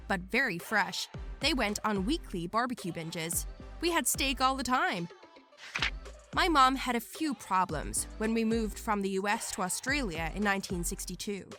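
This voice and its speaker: Bright-voiced woman reading stories. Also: fairly high pitch. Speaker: narrator. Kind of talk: scripted narration of Reddit posts.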